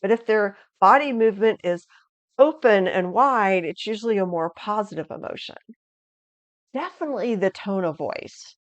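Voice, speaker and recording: A woman presenting a video lesson on understanding emotions, with an energetic, inviting teaching tone. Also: medium pitch, normal speed, no room sound. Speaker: resilience educator.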